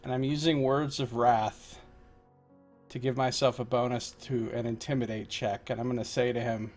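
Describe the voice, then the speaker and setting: A man's voice: mid-range voice, flat delivery, normal speed, faint music behind. A man playing in a tabletop role-playing game, animatedly describing his character's actions. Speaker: player. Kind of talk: tabletop role-play narration.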